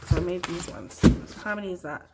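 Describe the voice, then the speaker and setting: A woman's voice: on the low side, fairly quick, gravelly, heavy background noise. Tired woman showing her craft journals. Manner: relaxed, rambling, soft-spoken with yawns. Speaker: junk journal artist. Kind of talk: casual show-and-tell vlog.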